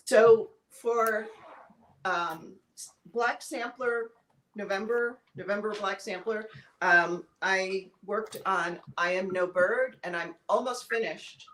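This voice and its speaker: A woman with a Midwestern American accent plays co-host, chatting and teasing in a casual, playful way. Her voice is medium-pitched and fairly bright, and she takes her time. The room is echoey, with faint background noise.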